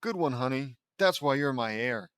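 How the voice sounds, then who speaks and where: A man's voice: mid-range voice, expressive, normal speed, a bit bright, clear, resonant tone, no echo, clean studio sound, close to an everyday voice. A man voicing a goofy, cheerful dad who jokes with his kids, in a fan audiobook. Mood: jolly. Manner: jokey, upbeat.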